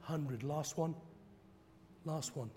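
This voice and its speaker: A man preaching a sermon, telling stories dramatically and acting out quoted preachers in loud high bursts. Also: slow, a little hiss or hum. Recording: long hall reverb.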